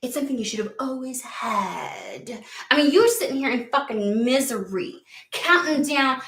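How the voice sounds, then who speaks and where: A woman's voice: sits high, animated, normal speed, fairly bright tone, echoey room. A woman giving a casual tarot reading, talking bluntly and swearing a lot in an exasperated rant. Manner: blunt, profane, exasperated ranting. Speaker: tarot reader.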